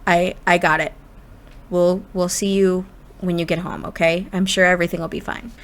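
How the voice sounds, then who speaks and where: A woman voicing a calm, supportive husband on a phone call in her own voice, reassuring. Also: lowish voice, moderate pace, natural voice.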